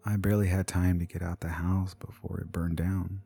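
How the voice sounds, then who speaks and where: Deep gravelly male horror narrator. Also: level tone, normal speed. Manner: hushed, half-whispered delivery.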